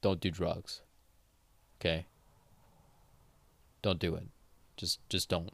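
A man's voice: low voice, little pitch movement, takes it slowly, vocal fry, a bit bright, dry recording. A man hosting a solo podcast, rambling casually with swearing and self-corrections, having just woken up. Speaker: podcast host.

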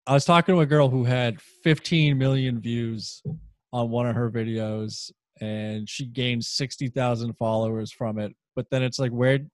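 A man's voice: medium pitch, fairly even intonation, moderate pace, dry recording. A man who does stand-up, laughing a lot and riffing on jokes with his friends on a podcast. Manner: laughs often, riffs on jokes. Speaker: stand-up comic, podcast co-host. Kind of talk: casual podcast banter.

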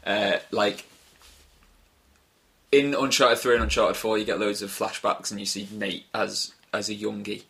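A man co-hosting a casual podcast, joking quickly and often restarting his sentences. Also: fairly low pitch, steady tone, creaky, fairly bright tone. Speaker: podcast co-host. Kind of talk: casual chat.

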